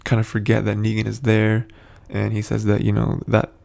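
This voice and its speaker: A man's voice: fairly low pitch, completely flat delivery, normal speed, vocal fry, darkish tone. A man hosting a casual, rambling TV episode recap, full of hesitant fillers. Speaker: host.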